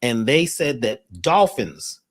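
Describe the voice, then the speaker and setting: A man speaking as a guest in an animated spiritual talk, telling stories and acting out the people he quotes. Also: medium pitch, takes it slowly.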